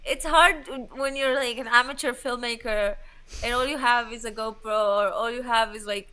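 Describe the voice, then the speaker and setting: Woman co-host, casual and giggly, rambly questions, a bit high. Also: fairly even intonation, moderate pace, pushed and bright, rough recording. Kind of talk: casual livestream commentary.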